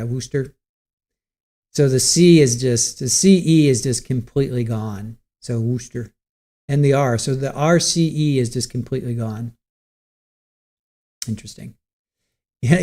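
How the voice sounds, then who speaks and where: A man's voice: medium pitch, mellow. A man from Ohio hosting a casual livestream, chatting and reading out viewer comments. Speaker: livestream host. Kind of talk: casual live-stream chat.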